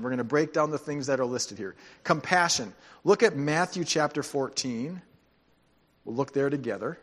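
A man preaching a sermon as pastor, speaking conversationally and dropping into quiet, emphatic asides. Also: mid-range voice, expressive, normal speed.

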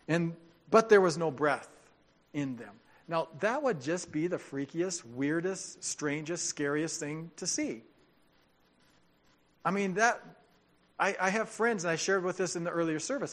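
A man with a fairly high voice preaching a sermon. He reads scripture with dramatic weight, then shifts into plain, chatty explanation for his congregation. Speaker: pastor.

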